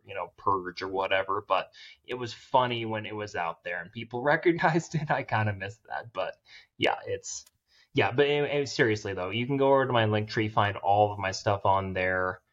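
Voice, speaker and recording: Male podcast guest, low-ish voice, rambling and self-mocking, dull lo-fi audio. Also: fairly bright tone. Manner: rambling, self-deprecating, laughs often. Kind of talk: casual chat.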